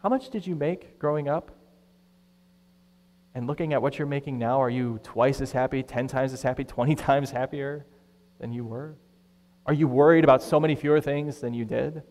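Pastor, male, mid-pitched, lively conversational preaching, long church reverb. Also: moderate pace. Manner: conversational, animated, acts out quoted voices. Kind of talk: sermon.

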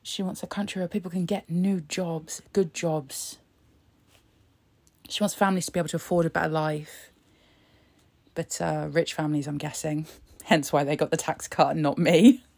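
A woman's voice: deep voice, fairly even intonation, normal speed, creaky, pauses often, a little mellow, breathy edge. A young British woman chatting sarcastically in a casual reaction video, laughing often. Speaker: vlogger.

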